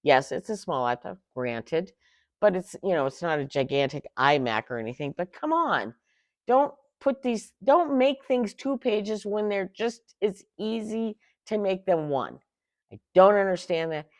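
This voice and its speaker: A middle-aged woman hosting a tarot channel, ranting casually in an exasperated, animated way with sarcastic asides. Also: medium pitch, a little slow, no room sound. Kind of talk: casual rant.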